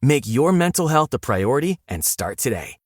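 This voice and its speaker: A man's voice: mid-range voice, normal speed, slightly rough, no echo, clean studio sound. A man reading a sponsor advertisement in an upbeat sales voice. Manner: upbeat, lively sales read. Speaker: ad narrator. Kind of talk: read sponsor ad.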